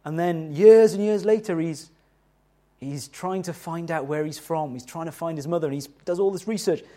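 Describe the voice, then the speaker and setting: A middle-aged man preaching a sermon in an animated, conversational way, asking the listeners rhetorical questions. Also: a little high, moderate pace. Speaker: pastor.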